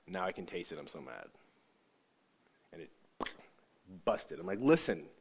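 A man giving an emotional personal testimony about his faith, earnest and halting, often repeating words as he searches for them. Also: low-pitched, animated, creaky, husky. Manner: earnest, halting, repeats himself when moved. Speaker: speaker sharing a faith testimony.

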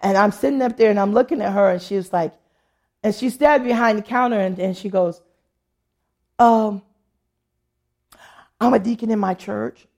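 Gravelly-voiced woman pastor preaching. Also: medium pitch, normal speed, long pauses. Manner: animated testimony, acting out quoted voices. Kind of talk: sermon with storytelling.

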